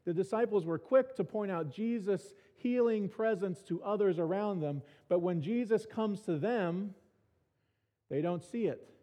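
In a church sanctuary, a male pastor preaches a sermon in a high, slightly slow voice with a warm tone. He talks casually, with dry, self-mocking humor, and often restarts his words. The recording carries the reverb of a church hall and sounds dull.

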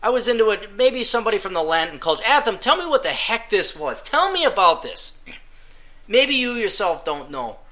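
A man's voice: sits high, sing-song, moderate pace, sharp tone. A man hosting a podcast, ranting casually and sarcastically, breaking into mocking sung parodies. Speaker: podcast host.

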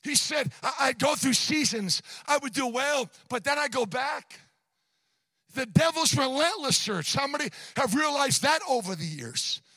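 A man preaching a sermon in a shouting, sing-song cadence, repeating words as he tells a story. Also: extremely high pitch, expressive, unhurried, husky, no room sound. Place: church.

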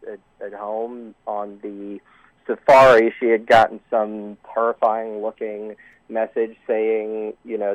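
A man's voice: lowish voice, level tone, slow pace, no room sound. A man calling into a show, telling a long story in a rambling way with many restarts and fillers. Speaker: caller. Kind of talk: call-in phone story. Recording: dry tinny phone line.

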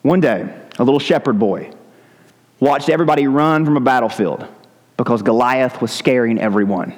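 A man preaching a sermon, dramatic, swinging between loud calls and low hushed lines. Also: moderate pace, long reverb tail, rough recording. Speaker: pastor. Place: church sanctuary.

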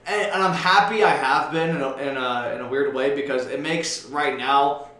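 A young man hosting a podcast in casual chat, rambling and getting loud and worked up when riled. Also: mid-range voice, normal speed. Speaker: podcast host. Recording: echoey room.

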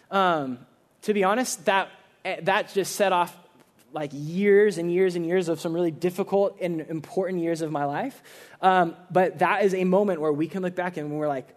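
A young man in his twenties preaching a casual sermon, telling stories with lots of "like" and acting out quick voices. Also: high voice. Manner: animated storytelling, acts out voices, filler "like". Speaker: pastor.

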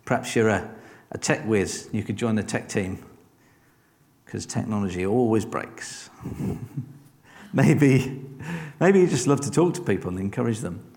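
An expressive, unhurried preacher with a lowish, darkish voice speaks easily and conversationally, the church hall adding a long reverb. Encouragement and rhetorical questions run throughout his sermon.

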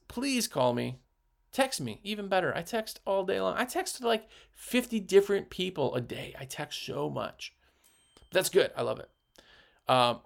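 A gravelly, slightly high-pitched man talks in a fired-up podcast pep talk. He rambles with fillers and restarts, and he gets worked up as he pushes his listeners on. His delivery is that of a sales rep in casual, passionate chat. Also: a bit bright. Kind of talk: energetic motivational podcast talk.

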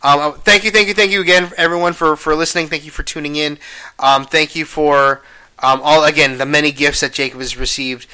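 Animated, profane young man ranting. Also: on the high side, fairly quick, smooth. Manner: profane, animated, swings between mumbling and exclaiming. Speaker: podcast host. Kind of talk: casual rambling monologue.

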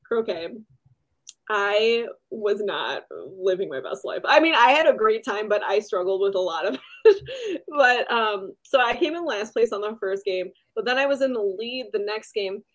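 A young woman co-hosting a book podcast, chatty and laughing, with quick reactions. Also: medium pitch, big pitch swings. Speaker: podcast co-host. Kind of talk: casual chat.

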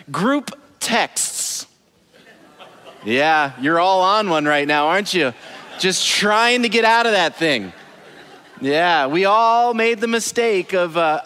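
Casting: male pastor, slightly high voice, playful and joking with the crowd, church hall with long reverb. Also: a bit bright. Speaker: lead pastor. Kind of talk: humorous sermon to a congregation. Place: church auditorium.

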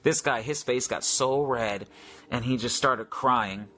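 A man's voice: medium pitch, measured pace, sharp tone. Rambling man sharing a faith story. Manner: rambling, many fillers and restarts. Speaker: Christian speaker. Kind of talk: casual faith testimony.

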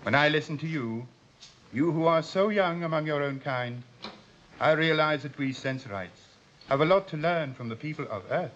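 An actor playing a calm, solemn male alien in a 1960s TV drama, speaking in a measured, formal way, from a muffled old television recording. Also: on the high side, a little hiss or hum, lightly acted. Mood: earnest.

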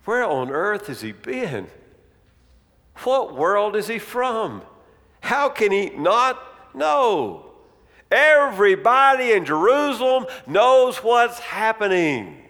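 A man's voice: high-pitched, sing-song, slow, long pauses, fairly bright tone. A man preaching an expository sermon with a dramatic, rhetorical delivery. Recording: long reverb of a large hall.

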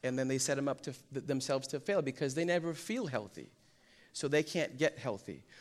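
A man's voice: mid-range voice, fairly quick. A young man preaching a sermon in church, telling funny stories with lots of energy and acting out the quotes. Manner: animated storytelling, acts out quotes and jokes. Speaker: pastor. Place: church hall.

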